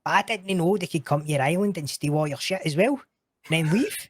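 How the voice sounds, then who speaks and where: A man's voice: a little high, lively intonation, brisk, breathy edge, no room sound. A man with a Scottish accent, a guest on a casual chat show, swearing freely and laughing through his stories. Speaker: podcast guest.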